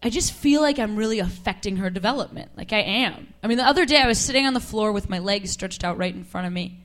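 A young woman doing a stand-up comedy set on a club stage, wry and deadpan with quick asides. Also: mid-range voice. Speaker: stand-up comic.

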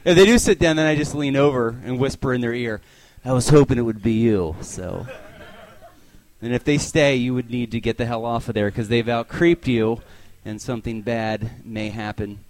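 A man's voice: mid-range voice, moderate pace. Ranting male stand-up comic. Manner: exasperated rants with acted-out voices. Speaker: stand-up comedian. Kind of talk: stand-up comedy set. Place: comedy club stage.

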